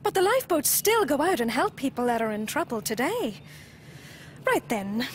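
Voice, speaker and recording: Expressive British woman telling a kids' story. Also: high voice, moderate pace, a little hiss or hum. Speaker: presenter and storyteller. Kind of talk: children's TV storytelling.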